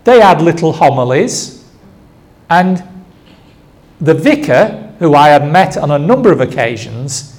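Older male preacher, high and animated, storytelling sermon with rhetorical questions. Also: a little slow, long pauses.

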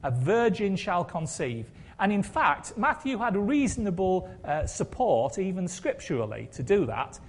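A man's voice: high voice, husky. A man preaching a sermon in a conversational way, with wry humour and rhetorical questions.

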